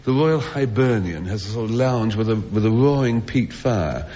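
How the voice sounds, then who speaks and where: A man's voice: fairly low pitch, lively intonation, moderate pace, mellow. A man on a comedy panel show telling a rambling comic anecdote to a theatre audience, with chuckles and restarts. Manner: rambling, self-interrupting storyteller with chuckles. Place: theatre stage before an audience. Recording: old lo-fi radio broadcast with hall reverb.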